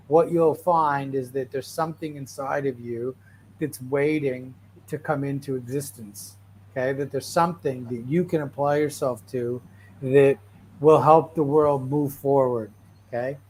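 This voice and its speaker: A man's voice: medium pitch, unhurried, a little hiss or hum. A man hosting a casual motivational talk, rambling through stories with constant "right?" and "like" and frequent restarts. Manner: restless, animated storyteller with frequent restarts.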